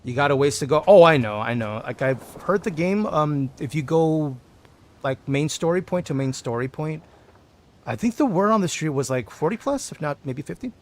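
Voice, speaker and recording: A man's voice: a little high, lively intonation, normal speed. A man streaming a video game, chatting casually with his viewers and thinking aloud as he plays. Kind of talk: casual gameplay commentary.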